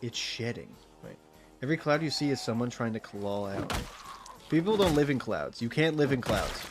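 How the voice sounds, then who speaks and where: Guy streaming a game, cursing a lot, voice jumping all over, goofy and excitable. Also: medium pitch, normal speed, over music. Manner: profane, excitable, jokey, reads in-game text aloud. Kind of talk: gameplay commentary.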